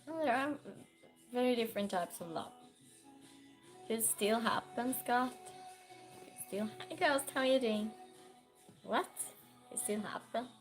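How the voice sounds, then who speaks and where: Hoarse woman streamer with a cold. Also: fairly high pitch, lively intonation, measured pace, pauses often, soft background music. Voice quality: hoarse, keeps clearing throat. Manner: reads viewer messages aloud and chats back. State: has a cold, sore throat. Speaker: livestream host reading chat. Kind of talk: casual chat.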